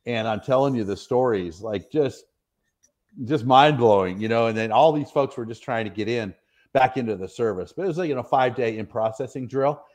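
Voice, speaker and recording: He speaks briskly in a mid-range, slightly mellow voice. This middle-aged retired soldier from the northwestern US is a guest in a casual storytelling interview, drifting through long anecdotes with self-deprecation and frequent fillers.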